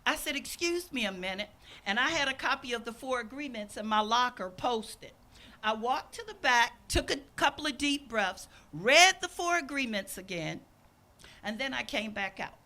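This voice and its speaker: Older woman pastor, fairly high and bright, lively storytelling sermon. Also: normal speed. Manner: storytelling, acts out quoted speakers. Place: outdoors.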